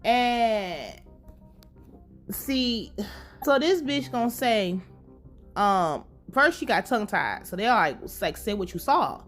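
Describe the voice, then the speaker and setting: A woman's voice: a little high, takes it slowly, long pauses, faint music behind. A young woman giving a casual, profane, laughing recap of a TV episode. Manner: animated, profane, laughing running commentary. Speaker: TV recap host.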